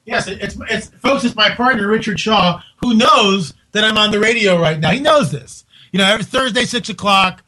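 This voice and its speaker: A man hosting a call-in radio show, talking in an incredulous, exclaiming way with quick asides, from home. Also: high voice, sharp tone, poor audio. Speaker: radio talk show host.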